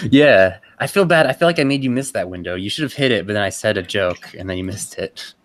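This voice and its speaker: Laid-back man with a low voice. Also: lively intonation, fairly quick, fairly bright tone, no room sound. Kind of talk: casual chat before a tabletop game.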